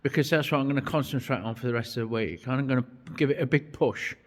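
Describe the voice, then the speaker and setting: Talking fast at medium pitch, a man explains his metalwork in a casual workshop vlog. He's blunt and swears heavily, and at times he runs out of breath.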